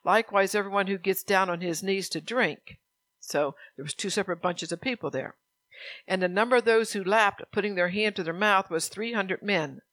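A woman pastor preaching a sermon. She reads scripture slowly and earnestly and puts direct questions to her congregation. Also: mid-range voice, a bit bright, no echo.

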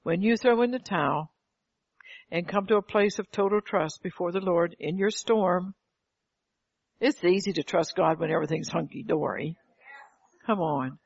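Older woman preacher, fervent sermon delivery, gravelly and husky, heard on a dull lo-fi recording. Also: lowish voice, moderate pace, long pauses, no room sound. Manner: fervent, calls out "Amen" and rhetorical questions. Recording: dull lo-fi, dry sound.

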